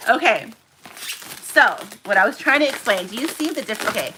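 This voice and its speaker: Talking freely as she packs orders at home, a young small shop owner chats with live-stream viewers in a relaxed way. She sounds animated, with a slightly high voice at a moderate pace over background noise.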